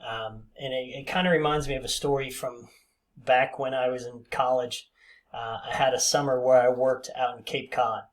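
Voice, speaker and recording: A man's voice: mid-range voice, fairly even intonation, normal speed. A man in his fifties telling a casual, rambling story with many fillers and restarts. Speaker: vlogger.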